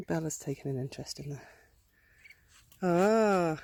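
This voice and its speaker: A woman chatting casually to her chickens and ducks outdoors by the coop, coaxing them in a gentle baby-talk way as she films on her phone. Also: fairly low pitch, lively intonation, slow pace, creaky, pauses often. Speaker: backyard poultry keeper.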